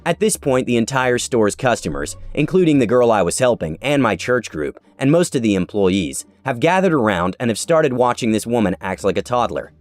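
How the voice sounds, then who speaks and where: A man reads an online story aloud with sarcastic, animated delivery, his pitch leaping up and down through the tale. His voice sits close and dry on the mic. Soft music plays beneath him. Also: moderate pace, hardly any pauses, no room sound. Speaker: narrator. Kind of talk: scripted narration of an online story. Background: faint background music.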